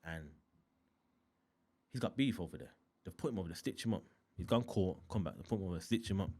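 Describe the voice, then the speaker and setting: Man, Birmingham accent, low voice, lively swooping pitch, slangy casual storytelling. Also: fast. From Birmingham, England. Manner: animated, slangy, acts out scenes. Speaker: interview guest.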